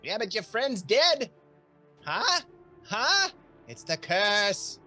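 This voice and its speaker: A shrieking little kobold. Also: male voice, big pitch swings, drawn-out words, bright, forceful tone, faint music behind, heavily acted. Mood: wheedling. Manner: shrill, shrieking, panicky. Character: screeching frantic little kobold male.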